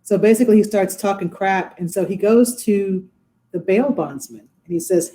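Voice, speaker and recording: A woman in her forties, a judge, speaks over a video call from her courtroom. Her voice is warm and mellow. She tells her stories with lively energy. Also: medium pitch, moderate pace, low-quality recording. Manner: animated, acts out quoted voices. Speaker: judge, interview guest. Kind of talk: casual storytelling in a podcast interview.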